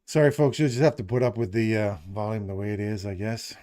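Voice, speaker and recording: A man's voice: on the low side, fast, warm tone. Laid-back jokey male stream host. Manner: jokey, rambling, self-deprecating. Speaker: livestream host. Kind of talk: casual live-stream chat.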